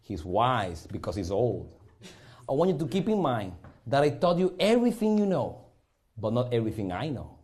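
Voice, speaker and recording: A man's voice: medium pitch, sing-song, normal speed, darkish tone. A man from Puerto Rico with a Puerto Rican accent, performing a live magic show on a studio stage and joking theatrically with the audience.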